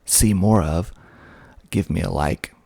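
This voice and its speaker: A man, hosting a soft-spoken ASMR video, speaking slowly and deliberately into a close mic with a pop filter, with wry asides. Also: low voice, creaky, slightly rough, no echo. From Georgia, USA. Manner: slow, deliberate, half-whispered delivery with wry asides. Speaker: ASMR channel host.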